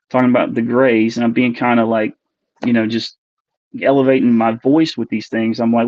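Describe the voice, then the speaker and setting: A man in his forties tells his story earnestly, stopping and restarting as he hunts for the right words. His voice sits at a middling pitch. The recording is dull, lo-fi and dry, with no room sound. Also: little pitch movement, a little mellow, no room sound. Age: 40s. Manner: earnest, halting, searching for words. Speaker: podcast guest. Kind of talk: recounting a personal experience.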